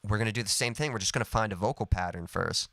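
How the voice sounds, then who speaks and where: A man's voice: fairly low pitch, fast talker, gravelly, a bit bright, no room sound. A man teaching songwriting in a live lesson, explaining step by step in an easygoing way with lots of "sort of" and "kind of.". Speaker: songwriting coach.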